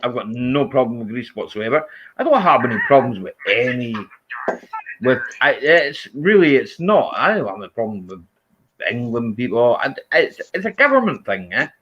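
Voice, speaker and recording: A Scottish man hosting a casual chat stream, rambling and animated, often restarting his sentences. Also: medium pitch, normal speed, background noise. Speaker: livestream host. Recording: dull lo-fi stream audio.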